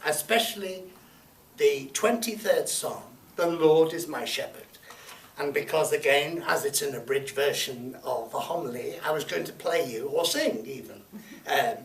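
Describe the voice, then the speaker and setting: Brief: man, gravelly voice, rambling church testimony, echoey hall, distant mic. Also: a little high. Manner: rambling, chatty, chuckling asides. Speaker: lay homily speaker. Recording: echoey church, from far off, faint noise.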